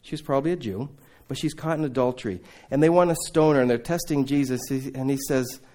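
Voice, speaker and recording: A man preaching a sermon to a congregation, telling Bible stories in a lively way, acting out the dialogue and turning to his listeners with asides. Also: mid-range voice, quick pace. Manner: animated storytelling, acting out biblical dialogue. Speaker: preacher raising funds for a mission training center.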